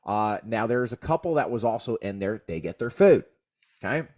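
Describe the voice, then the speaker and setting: A man's voice: fairly low pitch, expressive, moderate pace, a little mellow. A man, co-hosting a podcast and telling a rambling, profane story in casual chat. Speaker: podcast co-host.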